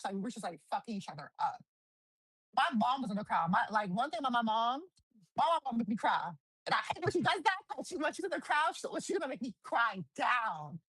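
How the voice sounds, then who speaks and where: A woman, a guest wrestler, telling stories in a casual interview, animated, swearing freely and acting out quotes. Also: sits high, husky, no room sound, poor audio. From New Jersey.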